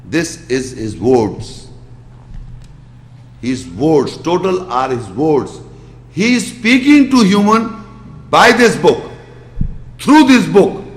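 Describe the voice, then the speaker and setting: Man, religious lecturer, slightly high voice, reverberant hall, quick Arabic recitation. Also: sing-song, a little hiss or hum. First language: Urdu. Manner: questions the audience directly, quotes Arabic verses quickly. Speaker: Islamic lecturer. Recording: echoey hall.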